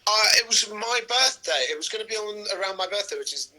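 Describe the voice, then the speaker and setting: Bright, lively man in his thirties. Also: sits high, fast talker, poor audio. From Great Britain. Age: 30s. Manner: playful, joking, animated. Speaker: live stream co-host. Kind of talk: casual chat.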